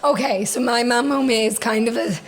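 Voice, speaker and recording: A young woman co-hosting a podcast with her sister, telling stories in a lively, laughing way. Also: a little high, rough recording. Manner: animated storytelling, quick laughs. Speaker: podcast co-host. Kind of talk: casual sister chat.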